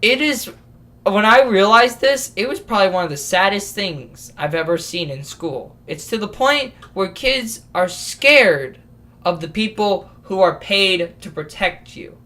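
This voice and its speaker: Unhurried but lively in intonation, this young man's high, pushed, bright voice belongs to a vlogger in his late teens. He rambles casually on a podcast, ranting, cursing, and frequently starting sentences over.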